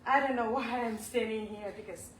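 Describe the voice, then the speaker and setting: A woman speaks an emotional tribute in a large temple hall, halting and apologetic as she fights back tears. Her voice comes from well away from the mic and rings through the roomy space. Steady background noise sits under her words. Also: fairly high pitch. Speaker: devotee giving a homage. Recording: echoey hall, voice from far off, clear background noise.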